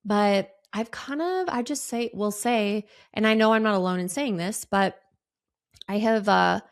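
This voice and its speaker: Candid rambling woman with a gravelly voice. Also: medium pitch. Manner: rambling, candid, swears casually, many fillers. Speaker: podcast host. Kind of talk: casual solo podcast talk.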